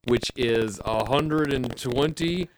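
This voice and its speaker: A man casually chatting about a tabletop war game as a podcast co-host, excitable and quick to swear. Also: mid-range voice, noisy background. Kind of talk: casual tabletop gaming chat.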